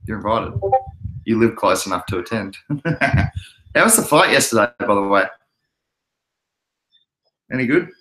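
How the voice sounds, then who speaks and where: A man's voice: fairly low pitch, animated, measured pace, long pauses, fairly bright tone. Laid-back Australian man chatting, echoey room. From Queensland, Australia. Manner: laid-back, chatty, answers chat messages. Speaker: crypto livestream host. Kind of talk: casual livestream chat.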